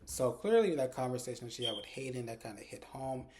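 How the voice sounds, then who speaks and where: A man's voice: mid-range voice, lively intonation, brisk, a little mellow, a little hiss or hum. Male recap host, chatty and casual, scene-by-scene retelling, filler-heavy delivery. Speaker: TV episode reviewer.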